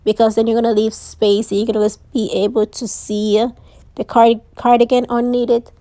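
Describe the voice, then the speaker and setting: Casual lady walking thru a diy craft, bit hoarse, mellow voice, dry close sound. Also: a little high, level tone, brisk, no echo. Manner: chatty, uses "like" and "so yeah". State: losing her voice. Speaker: DIY crafts channel host.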